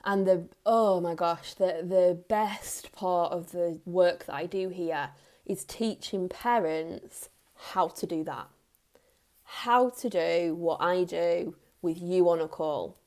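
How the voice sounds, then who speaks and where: A woman in her thirties, a parenting coach, giving earnest advice straight to the camera in a soft tone, repeating key phrases for emphasis. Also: lowish voice, slow pace. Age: 30s. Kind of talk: direct-to-camera advice talk.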